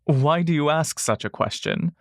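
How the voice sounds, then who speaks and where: A man's voice: fairly high pitch, expressive, normal speed, vocal fry, dry recording, studio quality, pitched above the performer's own voice. A man reading a weary woman leader. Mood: earnest. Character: pregnant woman leader, weary but resolute.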